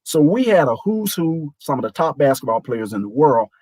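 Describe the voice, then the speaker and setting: Animated older man telling a story. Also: fairly high pitch, moderate pace, no room sound, low-quality recording. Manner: animated, acts out quoted voices. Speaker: guest. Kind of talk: storytelling anecdote.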